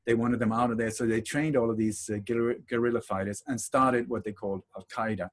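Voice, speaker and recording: Brisk and mid-range in pitch, this male podcast guest spins animated, meandering stories during a conversational interview, hammering points home through emphatic repetition.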